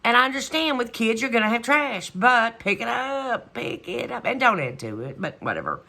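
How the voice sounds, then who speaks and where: A woman's voice: fairly high pitch, sing-song, normal speed, sharp tone. A middle-aged woman chatting casually in her home vlog, exasperated and rambling, trailing off with "whatever". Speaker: vlogger. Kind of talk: casual chat.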